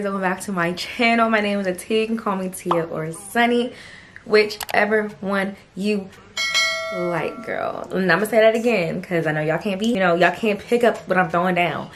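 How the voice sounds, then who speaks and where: A young woman vlogger chatting casually to camera, excitable and full of slangy asides. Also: medium pitch, a little hiss or hum.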